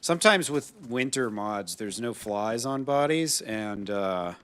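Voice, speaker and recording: A man's voice: on the low side, animated, unhurried, a bit bright, clean tone. An American man, probably in his thirties, chatting casually and profanely on a live game stream, laughing often between rambling stories. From United States. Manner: swearing, laughing, rambling asides. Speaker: gaming streamer. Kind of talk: casual live-stream chat while playing.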